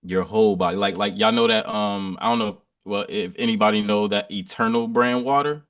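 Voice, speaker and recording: A man with a very low voice talks in casual podcast chat, halting, filling gaps with ums and repeating words. He sits away from the microphone, and the sound is dry and distant. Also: a bit bright, dry recording. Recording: distant from the mic.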